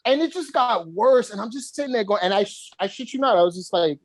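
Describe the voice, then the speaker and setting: A woman's voice: mid-range voice, animated, quick pace, no echo. A woman co-hosting a casual podcast chat, talking animatedly, swearing often and acting out quotes. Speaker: podcast co-host.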